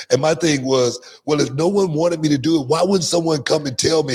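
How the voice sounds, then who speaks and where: A man guesting on a talk show, telling animated stories and often repeating words as he goes. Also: mid-range voice, quick pace, hardly any pauses, breathy edge. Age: older. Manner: animated, repeats words, laughs mid-sentence. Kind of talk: casual interview storytelling.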